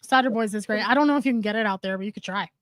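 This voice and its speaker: A woman's voice: mid-range voice, racing, dry recording. A woman co-hosting a casual podcast, enthusiastic and swearing freely. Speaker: podcast co-host. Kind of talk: casual chat.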